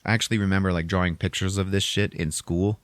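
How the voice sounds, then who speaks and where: Low-voiced man in his forties, casual podcast host, profane rambler, dry close sound. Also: fairly even intonation, quick pace, no room sound. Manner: profane and rambling, lots of filler. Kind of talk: casual movie recap chat.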